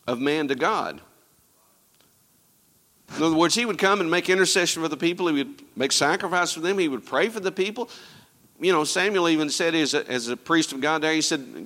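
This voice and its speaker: A man preaching a sermon as pastor, his voice sitting a bit high for a man. He swings from loud, emphatic lines down to quiet, low asides. Long reverb hangs behind him, as in a church hall. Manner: preaching with sweeping rises and drops in pitch and loudness.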